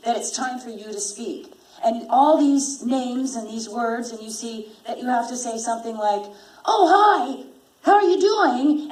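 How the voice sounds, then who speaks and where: Expressive woman heard from afar in a hall. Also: mid-range voice. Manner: expressive, acts out lines as she explains. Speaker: voice actor on a convention panel. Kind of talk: casual anecdotes to an audience. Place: convention panel room. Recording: echoey hall, distant from the mic, with background noise.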